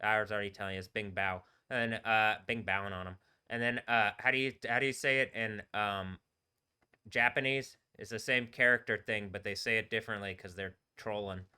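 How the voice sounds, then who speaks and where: Man streamer, rambling and halting, very bright tone, lowish voice, off-the-cuff. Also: steady tone, clean tone. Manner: rambling, halting, trails off and restarts words. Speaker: live streamer. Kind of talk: casual rambling livestream talk.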